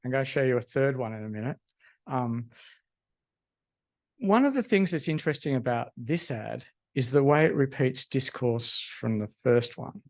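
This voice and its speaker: A man giving a university lecture, halting and full of ums. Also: medium pitch, lively intonation. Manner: halting, lots of ums and restarts. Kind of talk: academic lecture.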